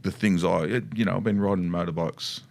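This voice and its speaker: A man's voice: low voice, fairly even intonation, brisk, creaky, darkish tone. A middle-aged Australian man co-hosting a casual talk about riding, rambling with many restarts and asides. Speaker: motorcycle dealership co-host. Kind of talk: casual chat.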